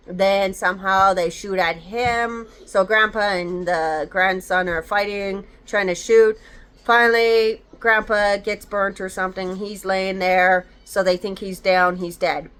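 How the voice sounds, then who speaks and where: A woman's voice: medium pitch, a bit bright, clear, resonant tone. A woman casually retelling a horror novel's plot in a rambling way, full of fillers and quoted dialogue. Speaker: book reviewer. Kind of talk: casual book review recap.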